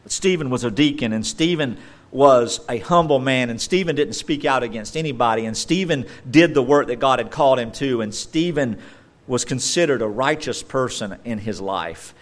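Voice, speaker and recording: A middle-aged male pastor delivering a sermon, swinging between loud emphatic stresses and quiet conversational asides. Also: mid-range voice, normal speed.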